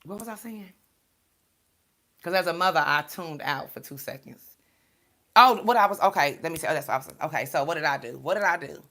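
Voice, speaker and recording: Low, gravelly woman telling a story. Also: lively intonation, a little fast, pauses often, bright, forceful tone. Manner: candid, emphatic, chatty, preachy asides. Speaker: spiritual card reader and vlogger. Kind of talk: casual storytelling vlog.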